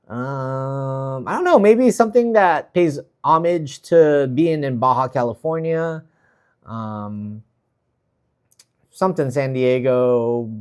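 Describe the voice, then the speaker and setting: A man's voice: mid-range voice, clean tone. A man hosting a travel livestream, chatting casually and reading viewer comments with an easygoing, filler-filled manner. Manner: easygoing, chatty, many fillers, gives shout-outs.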